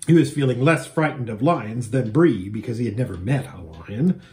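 A man, a pastor, reading a children's book aloud in an expressive, animated storytelling manner. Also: medium pitch, normal speed, hardly any pauses.

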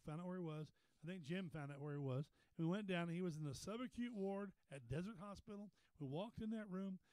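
Male pastor, high voice, folksy storyteller who builds to fervent preaching, dry close sound. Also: darkish tone, clean tone, no echo, poor audio. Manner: folksy, repeats words, rises to a preaching pitch. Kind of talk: storytelling sermon. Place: Bible study meeting room.

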